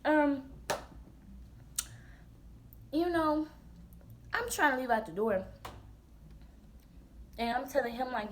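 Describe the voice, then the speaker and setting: High-voiced woman telling a blunt story. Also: slow pace, pauses often, a little hiss or hum. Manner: blunt, profane, animated storytelling with slang. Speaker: vlogger. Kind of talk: storytime vlog.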